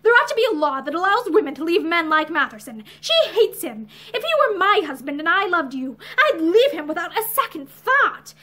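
A woman's voice: extremely high pitch, sing-song, brisk, hardly any pauses, pushed and bright, full character voice. A woman voicing a distraught, stubborn young woman who speaks vehemently and tearfully in a storybook reading.

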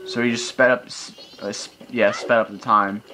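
A man's voice: on the low side, flat delivery, normal speed, background noise. A young man narrating his gameplay, ranting in exasperation with frequent exclamations. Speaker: let's play gamer. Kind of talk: gameplay commentary. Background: video game music.

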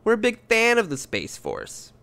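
A man's voice: sits high, wildly swooping pitch, normal speed, vocal fry, a bit bright. A man co-hosting a podcast in casual comedic banter, rambling and joking, often laughing. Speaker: podcast co-host.

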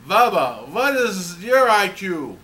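A genial old scientist greets each newcomer with bright, eager delight, as a man puts him on while telling a joke. The voice sits high and cuts through. It is caught on a small camera's built-in mic. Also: big pitch swings, slow, full character voice. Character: genial older male scientist guide in heaven.

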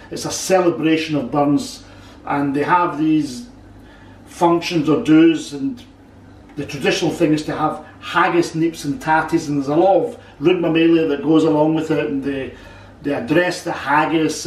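A man with a fairly high voice talks through a recipe in a home kitchen, stopping and restarting his sentences as he explains. He stands back from the camera mic, so the room rings around him. A faint hum sits under his voice. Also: darkish tone, recorded from a distance. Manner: halting, many restarts, explains patiently. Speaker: cook and co-host. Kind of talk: casual cooking chat. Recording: roomy kitchen sound from off-mic.

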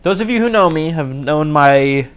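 A man's voice: a little high, animated, moderate pace, smooth. A young man hosting a solo podcast in a casual, rambling way, cracking jokes at his own expense and often restarting sentences. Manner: rambling, jokey, self-mocking, frequent restarts. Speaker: podcast host.

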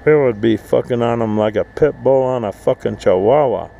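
Gravelly man ranting outdoors. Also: medium pitch, moderate pace, warm tone, slight background noise, low-quality recording. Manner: angry, swearing, mocking voices. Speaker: vlogger, full-time RVer. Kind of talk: profane rant to camera. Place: outdoors at an RV park.

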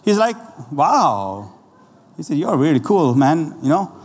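A man preaching a lively, conversational sermon, laughing often and talking straight to the congregation, with a Sri Lankan accent. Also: a little high, brisk. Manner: animated, laughing often, asides to the audience. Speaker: pastor. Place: church hall. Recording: roomy church hall with faint ambience.

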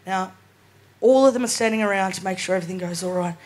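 A woman in her 20s with an Australian accent does chatty stand-up at a live venue, laughing often through her stories and repeatedly asking "right?". Her medium-pitched voice is a little mellow, and she talks fast.

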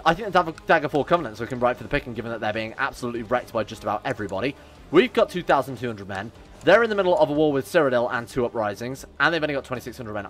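A man streaming a strategy game live, joking around, swearing and talking to his chat. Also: medium pitch. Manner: animated, jokey, swears, talks to chat. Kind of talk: live gameplay commentary.

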